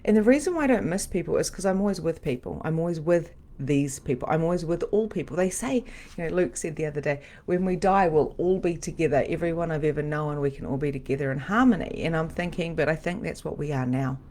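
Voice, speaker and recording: On a live stream, a middle-aged woman who works as a medium and spiritual coach teaches in a chatty, animated, repetitive manner. Her voice is deep and she talks fast.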